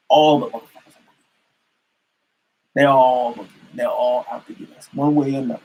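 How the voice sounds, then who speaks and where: A man's voice: mid-range voice, steady tone, quick pace, long pauses, highs cut off. A man giving an emphatic, repetitive political rant to camera as a commentator.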